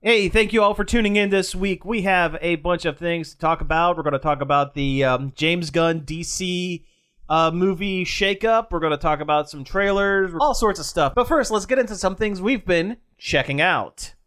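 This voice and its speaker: Male co-host, upbeat casual chatter, slightly high pitch. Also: a bit bright. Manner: upbeat, laughs often, quick asides. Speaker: podcast co-host. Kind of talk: casual chat.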